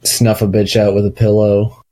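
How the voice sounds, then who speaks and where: A man's voice: fairly low pitch, level tone, moderate pace. A man in a podcast chat making crude, joking remarks. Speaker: podcast co-host. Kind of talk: casual chat. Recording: loud background noise.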